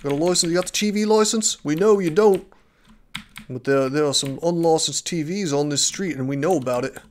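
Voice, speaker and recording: A man putting on a mock British accent to play a pushy officer checking TV licences, loud and mocking. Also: a little high, fairly quick, voice pushed up, close to an everyday voice. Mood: mocking, bossy. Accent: put-on British.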